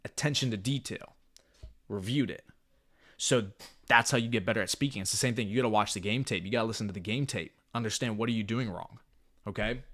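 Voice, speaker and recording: A man's voice: fairly low pitch, a little fast, fairly bright tone. A man coaching phone sales in a live stream, talking in an intense, hyped-up, blunt and profane way. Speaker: sales trainer.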